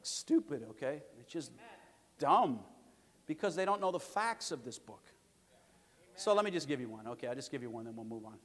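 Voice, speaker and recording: Emphatic male pastor in a reverberant church. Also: a little high. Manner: emphatic, repeats key words, swings between loud declarations and quiet asides. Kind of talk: sermon.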